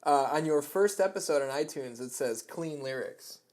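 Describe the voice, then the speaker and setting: A man's voice: a little high, moderate pace, a little mellow. A young man guesting on a casual podcast, telling stories, swearing freely and laughing often.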